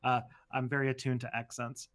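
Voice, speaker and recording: Bright-voiced joking man in podcast chat. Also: mid-range voice, little pitch movement, brisk. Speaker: podcast guest. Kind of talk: casual chat.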